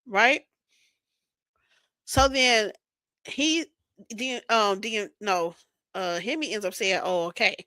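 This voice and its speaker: Sharp, combative woman ranting. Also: mid-range voice, slow, pauses often, no echo. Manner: combative, sarcastic, swears constantly; keeps checking in with "right?". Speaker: vlogger. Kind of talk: casual profane recap rant.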